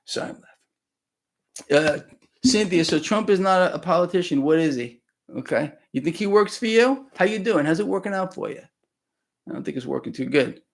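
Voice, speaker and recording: A man's voice: high voice, lively intonation, a little fast, vocal fry. A man hosting a live stream, talking emphatically and preachily and often checking in with "okay?". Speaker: livestream host. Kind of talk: casual live-stream talk.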